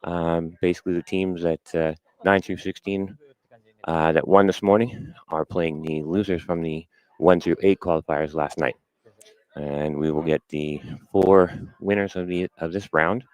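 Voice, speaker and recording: A man commentates a curling match in a relaxed, chatty way, slipping in fillers and correcting himself. His voice sits very low, and he sounds slightly winded. The sound is dry and close. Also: a little slow, clean tone, dry recording, rough recording. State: a little out of breath. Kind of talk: play-by-play sports commentary.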